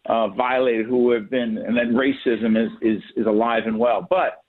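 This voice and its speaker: Man calling in on a tinny phone line. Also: medium pitch. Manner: earnest, measured, pressing his point. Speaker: radio guest. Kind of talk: talk radio interview.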